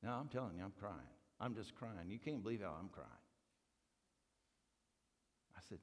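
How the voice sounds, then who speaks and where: A man preaching a sermon, telling a personal story in an earnest way and dropping to a hush at emotional moments. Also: on the low side, expressive, moderate pace, pauses often, in a large hall.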